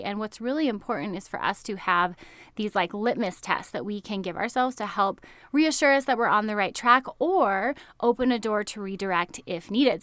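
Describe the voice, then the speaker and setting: An American woman in her thirties talks casually about healthy eating, with a middle-range voice and a bright, chatty, upbeat manner. She peppers her sentences with "like" and laughs easily. The recording is close and dry, with no room sound. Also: medium pitch, smooth, no room sound. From United States. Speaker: health coach. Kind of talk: casual podcast monologue.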